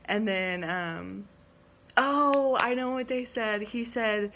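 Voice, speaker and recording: A woman's voice: mid-range voice, a little slow, fairly bright tone, slight background noise. A young woman, an education student, casually telling a story in a vlog, chatty and giggly, saying "like" often. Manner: chatty, heavy use of "like", giggly.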